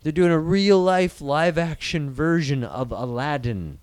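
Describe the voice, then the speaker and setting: A man's voice: fairly high pitch, animated, unhurried, darkish tone, clear, resonant tone, no room sound. A man in his thirties from Iowa, hosting a casual podcast and ranting animatedly about movie news, swearing freely. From Iowa, USA. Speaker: podcast host.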